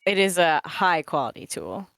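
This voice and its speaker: A woman playing a tabletop game, playful and lively, laughing often. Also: on the low side, normal speed. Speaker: player. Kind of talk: in-character tabletop play.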